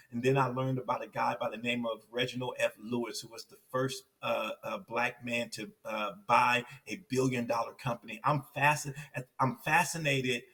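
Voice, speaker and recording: A man from Compton, California, speaks as a podcast guest. His voice sits at a middle pitch, and he tells his story with energy, repeating lines for emphasis. He sounds a little distant from the microphone. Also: sharp tone. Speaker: podcast guest, success coach.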